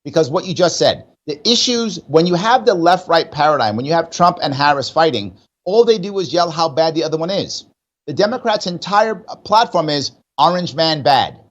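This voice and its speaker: A man's voice: a little high, lively intonation, normal speed, dull audio. A man with a New York accent, an emphatic political guest in a radio interview who keeps asking rhetorical questions.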